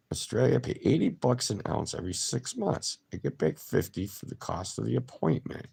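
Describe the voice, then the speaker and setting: A man's voice: medium pitch, creaky, darkish tone, husky. A man hosting a casual livestream, chatting loosely and answering viewer comments by name. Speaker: livestream host.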